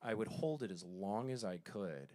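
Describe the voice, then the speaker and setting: A man telling stories in a stand-up comedy set, self-deprecating, with quick asides. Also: lowish voice, lively intonation, mellow.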